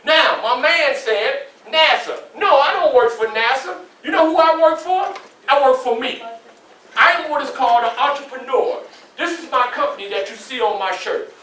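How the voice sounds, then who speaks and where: Animated Southern preacher-style man. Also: extremely high pitch, moderate pace, a little hiss or hum. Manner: preacherly call-and-response, folksy asides. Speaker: motivational speaker. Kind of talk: motivational talk to students. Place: school hall. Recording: echoey room from far off.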